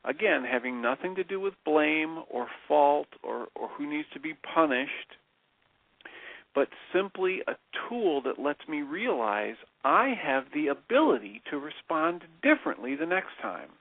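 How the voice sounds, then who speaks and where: Man, radio guest, sincere, halting restarts, phone-line sound. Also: fairly high pitch, very animated, no echo. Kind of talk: radio talk show.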